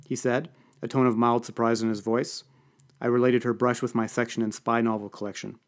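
A man's voice: mid-range voice, little pitch movement, a little fast. A man narrating an audiobook in the first person, dry and wry.

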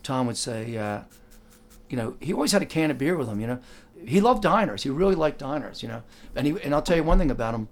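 This older storyteller is a fast talker with lively intonation and a mid-range voice. He loosely recounts working as a driver, filling the tale with "like" and "you know" while imitating the other characters.

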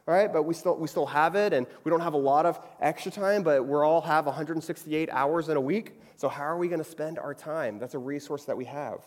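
A young man preaches in a loose, chatty way, often asking his listeners for agreement. His voice sits a bit higher than most men's. It carries a long echo, as if recorded in a large hall. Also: a little fast, hardly any pauses. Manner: chatty, frequently asks "right?". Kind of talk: conversational sermon.

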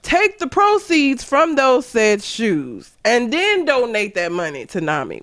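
A woman's voice: high voice, wildly swooping pitch, normal speed, few pauses, a bit bright. A young adult woman co-hosting a casual comedy podcast, blunt and profane, laughing often as she rants. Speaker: podcast co-host.

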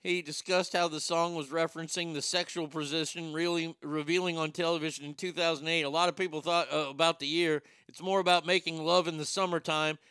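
Man, casual rambling commentary, sarcastic, profane, smooth crisp voice, very dry close sound. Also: fairly high pitch, steady tone, a little fast, few pauses, sharp tone, no echo. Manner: profane, sarcastic, thinking aloud.

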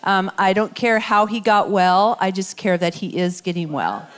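A middle-aged woman giving an informal, heartfelt sermon in church, emotional and halting with fillers. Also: medium pitch. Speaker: church speaker.

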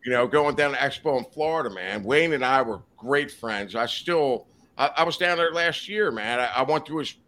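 Animated, bright-voiced man telling rowdy stories. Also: medium pitch, moderate pace. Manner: profane, rowdy anecdotes with acted-out quotes. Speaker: podcast guest, reptile breeder. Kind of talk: casual storytelling chat.

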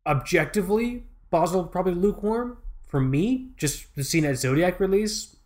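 A man's voice: high voice, animated, moderate pace, a little mellow. A man co-hosting a podcast in casual chat. He rambles with enthusiasm, restarts his sentences and swears freely. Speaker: podcast co-host.

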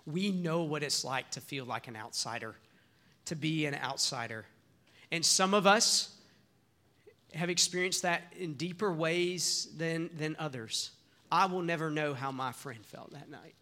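A man's voice: a little high, a little slow, bright, forceful tone. A pastor giving an earnest, conversational sermon in church, often restarting his sentences.

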